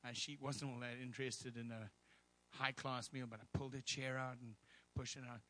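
A man's voice: medium pitch, level tone, moderate pace, bright, forceful tone. A middle-aged man preaching as a guest speaker in a church, telling personal stories in a chatty, humorous way. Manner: chatty storytelling with humor and asides.

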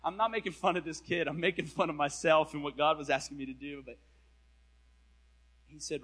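An animated male preacher telling a story from the pulpit. His voice sits a little high and has a bright, tense edge. He talks in casual slang and swings between loud bursts and quiet asides. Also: a little fast, long pauses, poor audio. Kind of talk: storytelling sermon.

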